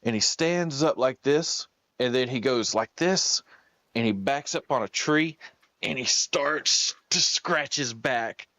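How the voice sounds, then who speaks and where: A man casually telling a hunting story on a stream, animated and acting out what his guide said. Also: mid-range voice, slow pace, dry recording. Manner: animated, acts out the guide's words.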